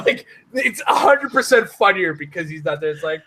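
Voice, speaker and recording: High-voiced man hosting a jokey live stream. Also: sing-song, moderate pace, pushed and bright, slight background noise. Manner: jokey, laughs often between remarks. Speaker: host of a live-streamed gaming round table. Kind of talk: casual group chat on a live stream.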